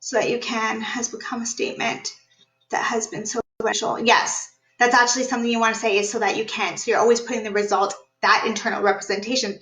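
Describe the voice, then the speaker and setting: A woman business coach teaching a live online workshop, upbeat and energetic, standing as she talks. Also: on the high side, reverberant, low-quality recording. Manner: energetic, upbeat, demonstrates voices while teaching. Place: room, standing.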